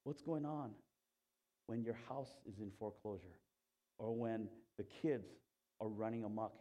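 A man preaching a sermon, telling a story with animation and swinging from loud to hushed, in a conversational way. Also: on the low side, unhurried. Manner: conversational, asks the congregation "Okay?". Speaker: pastor.

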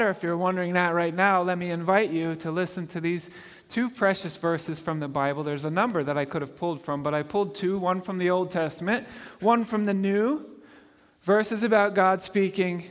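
A high-voiced man preaches with earnest feeling, his voice swelling and then dropping low. He keeps asking his listeners questions. A long reverb trails after his words in a large hall. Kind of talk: sermon.

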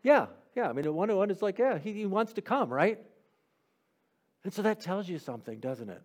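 A man delivers a message in a slightly high voice, reading a short letter from scripture aloud. He then leads the room in a discussion, asking listeners what stood out and building on their answers. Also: very animated, normal speed, a little mellow. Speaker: preacher leading a Bible discussion.

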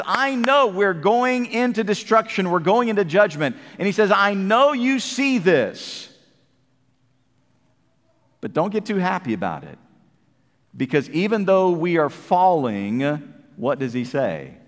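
A man preaching a sermon, animated, swinging between booming calls and hushed words. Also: big-room sound.

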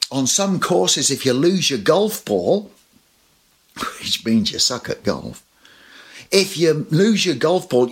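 Husky-voiced pastor preaching a sermon. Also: male voice, fairly high pitch, a bit bright. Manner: storytelling with personal anecdotes and humor.

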